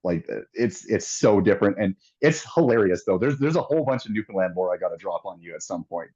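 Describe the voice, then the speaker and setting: Laid-back Canadian guy, low voice, dull sound. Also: animated, quick pace, warm tone. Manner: laid-back, laughs easily, swears. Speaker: podcast guest, singer. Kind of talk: casual chat.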